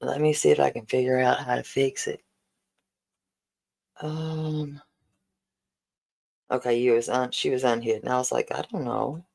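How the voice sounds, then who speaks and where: A woman's voice: very deep voice, fairly even intonation, measured pace, vocal fry, pauses often, a little mellow, low-quality recording. A woman, chatting casually and emotionally on a livestream as host, thanking her viewers again and again. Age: 40s. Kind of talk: casual livestream fundraiser chat.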